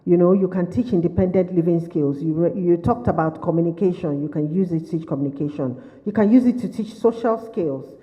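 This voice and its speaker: A woman's voice: lowish voice, brisk, hardly any pauses. A woman trainer giving a workshop lecture to caregivers, firing off repeated questions and restating her points. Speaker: behaviour management trainer. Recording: lo-fi recording with long hall reverb.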